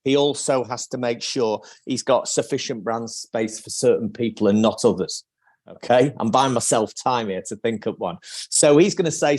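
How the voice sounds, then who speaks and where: A man's voice: mid-range voice, normal speed, a little mellow. A man speaking on a live video call as an interview guest, thinking aloud with restarts and acting out sales lines.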